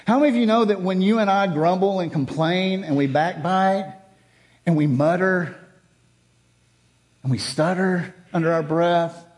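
A man's voice: high voice, measured pace, long pauses, a little mellow. A man preaching a sermon, reading scripture aloud and explaining it with rhetorical questions and repetition.

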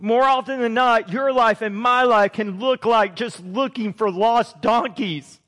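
A man's voice: very high-pitched, measured pace, fairly bright tone. A man in his forties preaching a sermon and telling a personal story in an earnest, emotional way. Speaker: pastor.

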